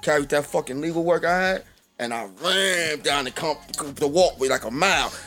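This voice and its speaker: A man guest on a podcast, telling a story in an animated way, acting out other people's lines and laughing as he talks. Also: a little high, normal speed, soft background music. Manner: laughs often while telling. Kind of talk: casual storytelling.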